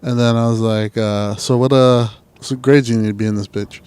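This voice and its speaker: A young man swaps stories on a casual podcast, cursing freely and jumping into voices for the people in them. His pitch sits in the middle of the range. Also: fairly quick, smooth. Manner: profane, animated storytelling with acted-out quotes. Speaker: podcast co-host. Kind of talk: casual chat.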